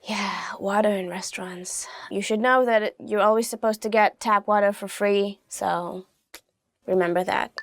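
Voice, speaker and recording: A young woman teaching phrases in a casual lesson, chatty and relaxed, with fillers and asides. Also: medium pitch, moderate pace, no room sound, studio quality. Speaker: language teacher.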